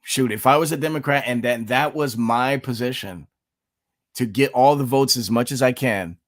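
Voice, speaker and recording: A man hosting his own channel, giving an opinionated commentary monologue, emphatic and full of rhetorical questions with sudden jumps in pitch. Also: moderate pace. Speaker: political commentator, channel host.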